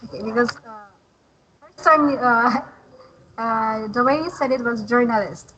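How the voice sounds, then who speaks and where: A woman tutoring English, patient and encouraging, modeling words slowly for a learner. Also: on the high side, a bit bright, muffled recording. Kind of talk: online English lesson.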